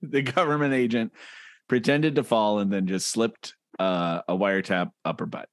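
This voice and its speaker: A man's voice: fairly low pitch, fairly even intonation, normal speed, dry recording, studio quality. A man co-hosting a casual comedy podcast, reading comic panels aloud and laughing often. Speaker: podcast co-host.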